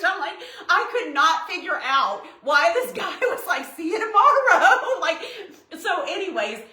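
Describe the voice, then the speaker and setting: Woman host, chatty storyteller, bright voice, echoey room. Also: very high-pitched, a little slow. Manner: animated storytelling, laughs often. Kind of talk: casual chat while crafting. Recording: echoey room with faint noise.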